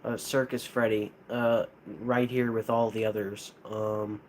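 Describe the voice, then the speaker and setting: A man's voice: on the low side, level tone, slight background noise. Hesitant man with a lisp. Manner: hesitant, halting, many restarts. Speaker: streamer ranking plush toys. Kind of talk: casual live-stream chat.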